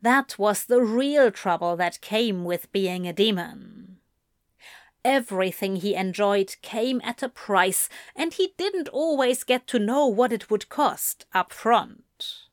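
A woman narrating a story in a measured, even reading voice. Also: mid-range voice, dry recording, clean studio sound. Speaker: audiobook reader. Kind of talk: scripted narration of fan fiction.

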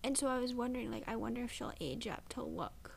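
Rambling teen girl with a gravelly edge. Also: fairly high pitch, animated. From United States. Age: late teens. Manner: rambling, with quick whispered asides. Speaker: podcast co-host. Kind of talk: casual chat.

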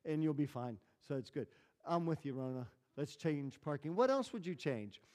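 A man's voice: on the high side, expressive, moderate pace, a little mellow. A man preaching a conversational sermon, telling stories and asking the congregation questions. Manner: chatty, storytelling, asks the room questions. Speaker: pastor. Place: church hall. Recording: reverberant church hall.

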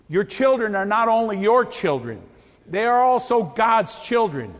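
A man preaching a sermon as pastor, impassioned, swinging from near shouts down to low, quiet lines. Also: animated, a little slow, in a large hall.

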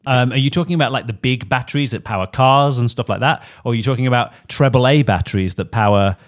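A man from Northern England with a Northern English accent, co-hosting a podcast with dry, deadpan asides. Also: medium pitch, fast. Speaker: podcast co-host. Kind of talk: casual chat.

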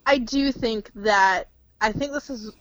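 Blunt, higher-voiced woman co-host. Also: unhurried, a bit bright, no room sound, low-quality recording. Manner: blunt and opinionated, dry teasing. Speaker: podcast co-host. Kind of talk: casual chat.

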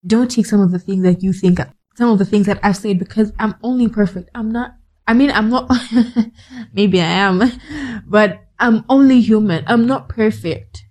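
A woman's voice: mid-range voice, normal speed, a little mellow, rough recording. A woman hosting a podcast, giving a direct, conversational motivational monologue with scolding asides. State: cold, shivering. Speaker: podcast host.

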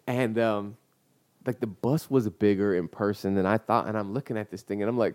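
A man's voice: on the low side, a little fast, darkish tone. A young man telling a long story in a casual chat, full of slang and fillers. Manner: laid-back slang-heavy storytelling with many fillers. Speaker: guest business owner.

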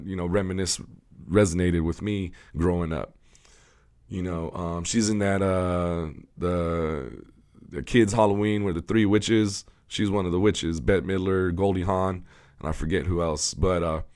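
Rambling, heartfelt man with a low voice. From Southern California. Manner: rambling, heartfelt, with many fillers and restarts. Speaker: host. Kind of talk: casual vlog talk to camera.

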